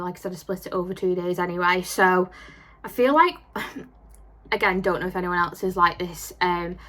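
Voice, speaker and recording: A woman's voice: fairly low pitch, fairly bright tone. A young woman, an online fitness coach, chatting casually to camera at home in a rambling way that repeats itself. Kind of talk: casual vlog chat.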